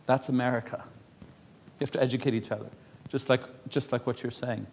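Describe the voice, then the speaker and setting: A man from Europe speaking on a symposium panel. He tells stories in a lively way, acts out the people he quotes and turns earnest and persuasive. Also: medium pitch, brisk, slight background noise. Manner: animated storyteller who acts out quoted exchanges. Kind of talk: storytelling talk at a symposium panel.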